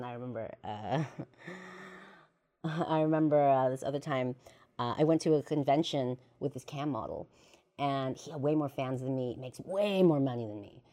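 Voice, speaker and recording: A woman with a low voice tells personal stories on her podcast. She talks in casual, slangy language, curses freely, and laughs often as she goes. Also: dark tone. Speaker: podcast host. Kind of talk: personal storytelling monologue.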